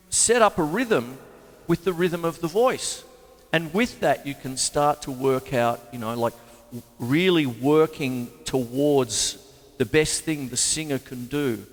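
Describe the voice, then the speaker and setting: A man's voice: on the high side, long reverb tail. A man hosting a casual livestream drum lesson from his home studio, chatty and rambling, laughing at his own jokes. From Australia. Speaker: drum teacher and show host.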